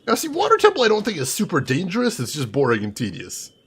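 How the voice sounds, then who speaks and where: Chatty high-voiced male streamer, husky. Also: wildly swooping pitch, fast. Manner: playful, chatty, greets viewers by name. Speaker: livestreamer. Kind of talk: casual game livestream commentary.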